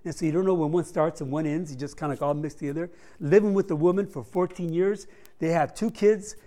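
A man's voice: on the high side, steady tone, a little fast, mellow. A man giving a conversational missions report to a church congregation, telling stories with humorous asides.

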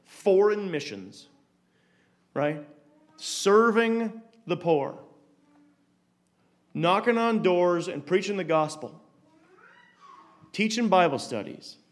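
Male Bible teacher, fairly high voice, conversational, stumbles and repeats words, leans on rhetorical questions. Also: lively intonation, takes it slowly, long pauses.

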